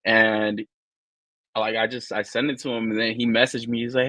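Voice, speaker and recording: A man's voice: lowish voice, moderate pace, no echo. A man co-hosting a toy-collecting live stream, talking in a rambling, profane, casual way and acting out the people he quotes. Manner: profane, rambling, animated storyteller who acts out quotes. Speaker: podcast co-host.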